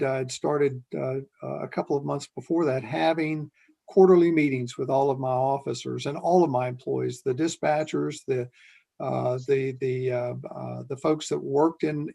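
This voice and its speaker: Older male guest, ex-police chief, fry in the voice, earnest and unhurried. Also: medium pitch, fairly even intonation, a little mellow. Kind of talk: conversational interview storytelling.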